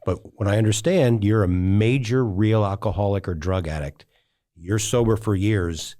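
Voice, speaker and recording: Low, warm, dry-voiced interviewer. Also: male voice, normal speed. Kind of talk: casual conversation.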